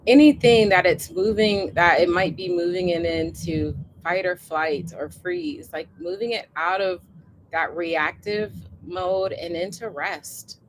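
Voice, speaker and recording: A woman coaching a live online group, speaking in a gentle, encouraging way as she leads a relaxing body scan meditation. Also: on the low side, a little hiss or hum, poor audio. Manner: gentle, encouraging, slow guiding cadence with soft laughs. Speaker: coach hosting a co-planning session. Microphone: live online session.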